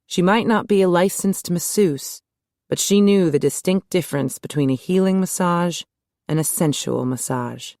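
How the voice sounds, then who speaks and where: A woman narrates an audiobook in a smooth, measured voice. Her pitch is low for a woman. The recording is close and dry, with no room sound. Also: a little mellow, no room sound. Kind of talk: scripted narration.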